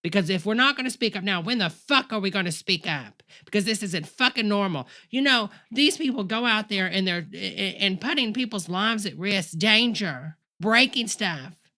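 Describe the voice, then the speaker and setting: A woman voices a brassy, profane church-lady character in a comedic livestream rant. She rambles and curses, calling her viewers honey. Her voice rings bright and forceful. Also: medium pitch, lively intonation, normal speed. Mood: outraged. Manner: profane, rambling ranting, calls listeners honey. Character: foul-mouthed, sassy female church-leader character, middle-aged.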